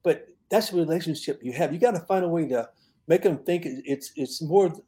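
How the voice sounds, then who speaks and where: Older male coach guest, mellow and a touch high, laid-back storyteller. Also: fairly quick. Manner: relaxed anecdotal storyteller who laughs at his own tales. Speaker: guest, longtime football receivers coach. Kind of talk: storytelling in an interview.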